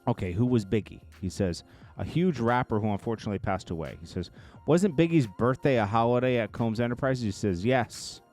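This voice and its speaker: A man reading court testimony aloud in a casual commentary style, in a low murmur broken by quick reactions. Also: animated, soft background music. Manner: reads quotes in a low murmur, then reacts loudly with laughs.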